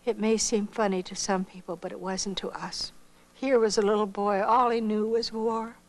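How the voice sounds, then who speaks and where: An older woman from Iowa giving a missionary testimony, telling her story with lively acted-out dialogue. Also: medium pitch, moderate pace, low-quality recording. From Iowa, United States. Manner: animated storyteller who acts out quoted dialogue.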